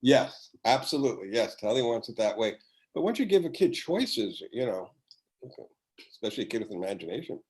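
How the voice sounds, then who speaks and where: Older male guest, mid-pitched, chatty storyteller who restarts sentences often, video-call sound. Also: big pitch swings, brisk, low-quality recording. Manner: rambling, warm storytelling with restarts. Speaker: podcast guest, former children's TV writer. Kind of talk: casual chat.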